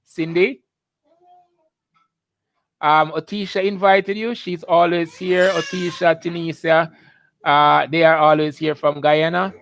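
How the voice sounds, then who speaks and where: Jamaican man, biology teacher on a live stream, chatty, slightly high voice, dry close sound. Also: fairly even intonation, slow, long pauses, a bit bright, no room sound. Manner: chatty, greets viewers by name, upbeat. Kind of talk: live-stream lesson with viewer roll call.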